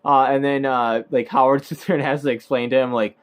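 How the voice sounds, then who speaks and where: A man's voice: mid-range voice, fairly even intonation, brisk, clear, resonant tone. A man casually recapping a movie, rambling with lots of fillers and hesitations. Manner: rambling, filler-heavy, laughs at own points.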